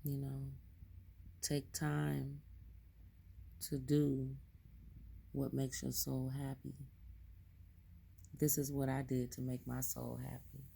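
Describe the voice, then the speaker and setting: A woman with a low, gravelly voice reads tarot cards for her viewers. She talks slowly and gently in a spiritual tone, with a mellow, warm sound and soft laughs between messages. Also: completely flat delivery. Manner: slow, gentle and spiritual, reading card texts aloud with soft laughs. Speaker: tarot reader. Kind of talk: collective energy tarot reading.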